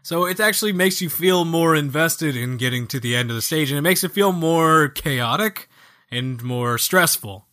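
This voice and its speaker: A man co-hosting a podcast, chatting casually about video games in a jokey, animated way and acting out lines from the game. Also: a little high, moderate pace. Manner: animated, jokey, acts out quoted game characters. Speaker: podcast co-host.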